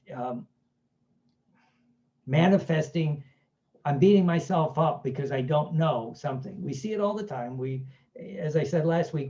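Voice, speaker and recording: Chatty guy telling stories, kinda high voice but mellow, lo-fi sound. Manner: chatty, keeps asking "right?", acts out quoted voices. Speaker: self-help speaker. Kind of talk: casual storytelling talk.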